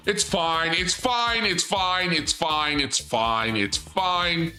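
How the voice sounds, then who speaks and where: A man's voice: on the high side, slow pace, bright, forceful tone, soft background music. Rambling, stammering young male streamer. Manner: rambling, self-interrupting and stammering, with goofy asides. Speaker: VTuber streamer. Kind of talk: live game stream commentary.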